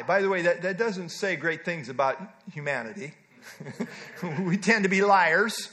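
Male preacher, fairly high voice, emphatic sermon delivery with digressions. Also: moderate pace, bright, forceful tone. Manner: emphatic, reads scripture aloud, digresses with asides.

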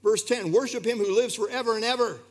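A man's voice: high voice, fast talker. A man preaching a sermon in an earnest, emphatic way, his delivery rising and falling. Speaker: pastor.

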